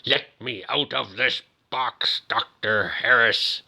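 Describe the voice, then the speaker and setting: A man putting on the voice of a scheming male supercomputer in a slow, flat, measured way. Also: medium pitch, gravelly, heavily acted. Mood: cold menace.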